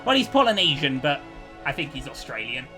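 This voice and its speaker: A man's voice: medium pitch, sing-song, brisk, music in the background. A man giving cheerful, chatty commentary over his own strategy gameplay, thinking aloud as he plays. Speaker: let's play host.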